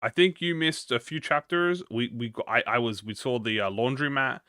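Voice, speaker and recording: A man's voice: mid-range voice, moderate pace, bright, forceful tone, no room sound, clean studio sound. A man livestreaming, chatting casually with viewers and reading a story aloud, stuttering and restarting often. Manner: encouraging, talks to chat with slang.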